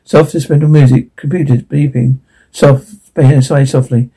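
A man reading sound cues and lines aloud, one after another, in a gravelly, dark voice. His delivery is plain and even, with a slightly husky edge. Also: mid-range voice, moderate pace, rough recording. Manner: plain, listing. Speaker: narrator.

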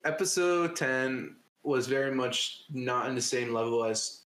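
A man co-hosting a casual podcast, talking hesitantly with plenty of ums and frequent laughs. His voice sits at an ordinary middle pitch. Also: measured pace, a bit bright. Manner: hesitant, many fillers, laughs often. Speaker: podcast co-host. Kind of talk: casual chat.

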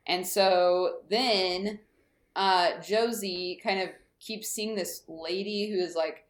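A low-voiced woman recaps a kids' TV episode as a podcast co-host, speaking at a measured pace. Her chat is casual and packed with fillers.

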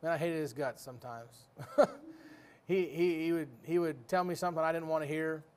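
A man's voice: fairly high pitch, normal speed, a little mellow, smooth. A man preaching a sermon in a folksy, joking way, full of rhetorical questions.

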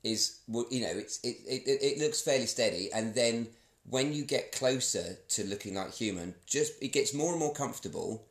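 A man from Essex with a posh-sounding English accent talks casually as a podcast co-host. He restarts often and laughs between thoughts, over a mid-range voice. The room is echoey. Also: mid-range voice. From Essex, England. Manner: halting, many restarts, frequent laughs. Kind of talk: casual chat.

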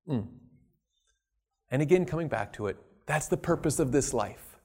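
A man preaching a sermon, stressing key words loudly and then dropping to quiet asides. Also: medium pitch, very animated, normal speed, long pauses. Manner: emphatic, swinging between loud stresses and quiet asides.

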